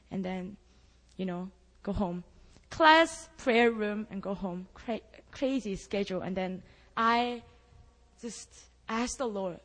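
A young woman gives her testimony at a church prayer meeting, telling her story with animation and acting out her own prayers. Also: medium pitch. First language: Korean. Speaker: speaker giving testimony. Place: church hall. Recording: long reverb of a church hall.

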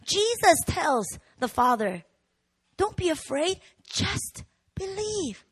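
A woman pastor preaching a sermon, animated and rising to shouts in the swells of her message. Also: extremely high pitch, slow. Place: church hall.

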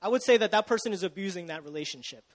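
A young man preaching in a relaxed, conversational way, with a light, high voice. He keeps asking his listeners questions and stumbles over restarts, and his words ring out with a long hall echo. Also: rapid-fire. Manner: casual, chatty, asks the audience questions, self-interrupting. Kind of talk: sermon.

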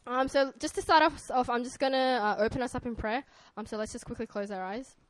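A woman's voice: a little high, fairly even intonation, fast, dry recording. A young woman from Australia with an Australian accent, preaching as a guest pastor in a friendly manner with frequent ums and light laughter. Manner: friendly, laughs often, fillers like um and uh. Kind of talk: sermon.

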